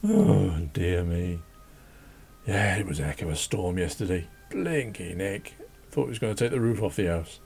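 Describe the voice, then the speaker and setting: Croaky, rambling man chatting while drawing. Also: on the low side, a little mellow. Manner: rambling, chatty, self-deprecating, laughs often. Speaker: drawing channel host. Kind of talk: casual chat while drawing. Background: faint classical music.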